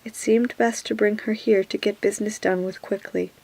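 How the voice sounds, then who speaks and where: A woman voicing a gruff, irritable king in a whispered role-play. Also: mid-range voice, steady tone, moderate pace, close to an everyday voice, low-quality recording. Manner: soft whisper.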